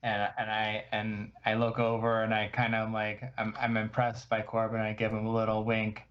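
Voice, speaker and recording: A man playing a tabletop game, describing his character's actions in a halting way. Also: lowish voice, completely flat delivery. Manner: halting, searching for words. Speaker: player. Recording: dull lo-fi mic.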